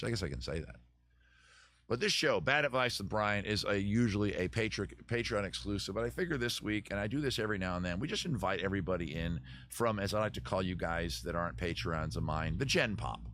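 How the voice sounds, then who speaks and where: A man with a low voice and fairly bright tone hosts his live-stream chat show right up against the microphone. He rambles, cracks jokes and makes fun of himself.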